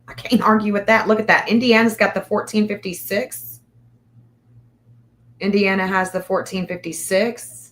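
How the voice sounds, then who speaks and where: A woman hosting a casual livestream, reading an astrology chart aloud and thinking out loud in a hesitant, repetitive way. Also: medium pitch, steady tone, moderate pace.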